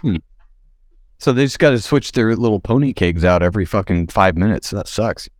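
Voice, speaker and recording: A man's voice: lowish voice, animated, moderate pace, slight background noise. A man hosting a casual podcast, reading out odd laws and riffing on them with casual swearing. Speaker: podcast host.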